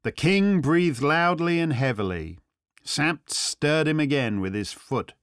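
A man narrating a novel in the first person with measured, expressive storytelling. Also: fairly high pitch, clean tone, no room sound, clean studio sound. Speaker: audiobook narrator.

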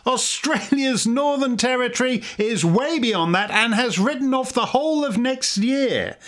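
A man's voice: very high-pitched, expressive, unhurried, fairly bright tone. A middle-aged man hosting a commentary show, delivering sarcastic, mocking scripted remarks with dry wit.

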